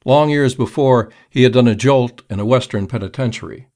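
A man narrating a crime story in a measured, steady audiobook reading. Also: medium pitch.

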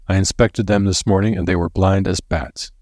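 A man's voice: deep voice, steady tone, moderate pace, a little mellow, no room sound, studio quality. A man reading as a firm, earnest doctor. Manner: firm, patient. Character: earnest determined male doctor.

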